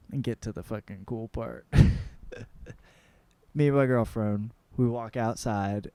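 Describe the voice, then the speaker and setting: A young man, hosting his own podcast, tells a story in a rambling, excitable way and swears often. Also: medium pitch, dry recording. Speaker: podcast host. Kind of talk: casual storytelling monologue.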